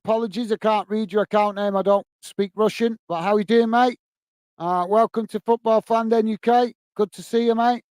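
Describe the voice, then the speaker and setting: A man with a high, smooth voice runs a football watch-along stream, calling the match in a friendly manner and greeting viewers in chat. The recording has no room sound.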